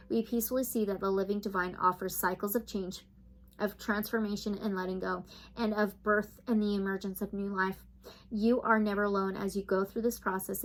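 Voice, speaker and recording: A woman tarot reader with a medium-pitched voice reads oracle card messages aloud slowly and soothingly, like a guided meditation, occasionally breaking into excited gushing. The recording is rough.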